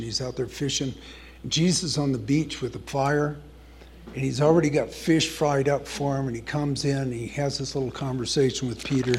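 A man's voice: medium pitch, steady tone, normal speed, darkish tone, slight background noise. A man preaching a conversational sermon, earnestly telling a scripture story and reading verses aloud with emphasis.

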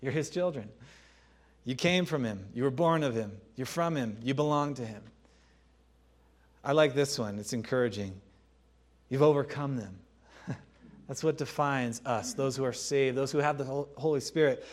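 A man delivers a sermon in a chatty yet emphatic style, circling back to key phrases. His pitch is medium, and between points he laughs and pauses to clear his throat.

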